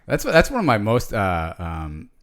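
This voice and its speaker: Low-voiced rambling podcast husband. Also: male voice, wildly swooping pitch, unhurried, fairly bright tone. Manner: rambling, with many fillers and restarts. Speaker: podcast co-host. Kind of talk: casual chat.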